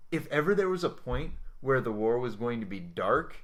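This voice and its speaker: A man's voice: medium pitch, very animated, moderate pace, a bit bright. A man co-hosting a podcast, chatting casually about comics and war history with thoughtful tangents. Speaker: podcast co-host.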